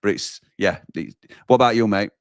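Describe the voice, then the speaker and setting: A man's voice: fairly low pitch, brisk, no echo, studio quality. A man hosting a live football watchalong, chatting and reading out viewer comments. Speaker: watchalong host.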